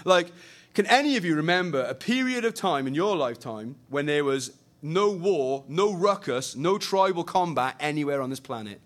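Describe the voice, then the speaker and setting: Young male preacher, fairly high-pitched, animated and chatty delivery, big emphatic peaks and hushed earnest drops. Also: moderate pace. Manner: animated, swinging from loud emphasis to quiet earnestness. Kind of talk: sermon.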